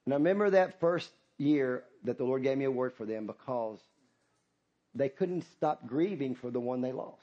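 A man's voice: mid-range voice, lively intonation, normal speed, lo-fi sound. A middle-aged man, preaching a sermon as pastor, impassioned and repetitive, calling out to the congregation.

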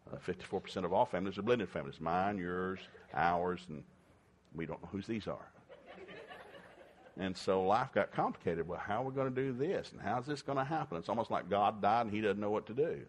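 A man's voice: sits low, husky. Folksy older male preacher. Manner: folksy, storytelling, lively with sudden emphatic bursts. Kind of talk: folksy sermon with stories.

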